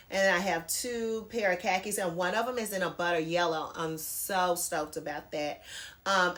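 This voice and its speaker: A woman's voice: mid-range voice, a bit bright. A middle-aged woman chatting casually through a clothing try-on haul, calling her viewers girl and y'all. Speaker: fashion vlogger. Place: home bedroom near a closet.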